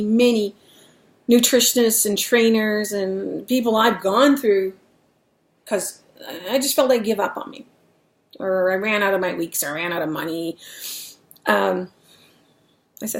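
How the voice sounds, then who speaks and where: A middle-aged woman chatting straight to her camera in a casual vlog. She rambles and doubles back on herself, candid and unpolished, in a voice of ordinary pitch. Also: normal speed, long pauses. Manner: rambling, candid, self-interrupting. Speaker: vlogger.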